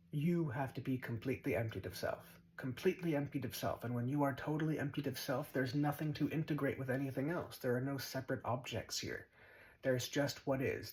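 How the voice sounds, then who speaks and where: A man's voice: mid-range voice, low-quality recording. A man giving a spiritual monologue as a teacher, blunt and profane, mocking his listeners and repeating short commands.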